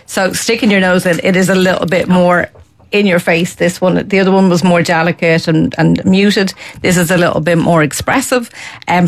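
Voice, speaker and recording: Chatty Irish woman wine expert. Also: lowish voice. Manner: lively, chatty, quick to laugh. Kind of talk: radio studio chat. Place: radio studio.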